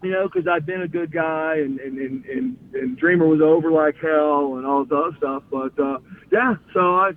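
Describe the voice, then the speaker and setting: A middle-aged man tells backstage stories in a loose, casual interview, breaking into other people's voices and laughing along the way. His voice sits high for a man. It comes through a tinny, phone-like line with a faint hiss underneath. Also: moderate pace. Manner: animated storyteller acting out others' lines, laughing often. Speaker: interview guest, former pro wrestler.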